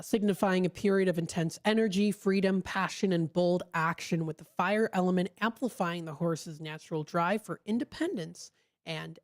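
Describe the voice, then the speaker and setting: Speaking into a studio microphone, a female radio host with a fairly low voice reads an article aloud in a relaxed, casual way. Now and then she stumbles, using fillers and restarting lines.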